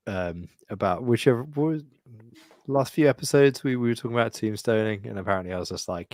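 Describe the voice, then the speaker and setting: A man's voice: deep voice, quick pace, no room sound, studio quality. Man telling a sweary story. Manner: animated swearing storyteller, mimics voices. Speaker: podcast co-host. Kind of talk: casual chat.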